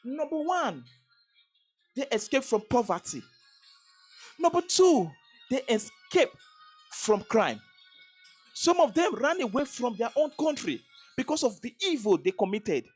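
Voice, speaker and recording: A woman's voice: on the high side, big pitch swings, a little slow, pauses often, darkish tone, breathy edge, soft background music. A Nigerian woman vlogger giving an emphatic political commentary, repeating phrases and restarting sentences as she presses her points. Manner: emphatic, repetitive, stammering restarts.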